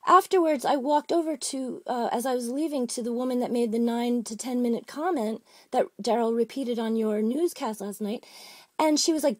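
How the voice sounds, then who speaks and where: A woman's voice: fairly high pitch, normal speed, dry recording. Woman caller, agitated, keeps restarting, dry close sound. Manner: rambling, agitated, many restarts. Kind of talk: phone-in complaint.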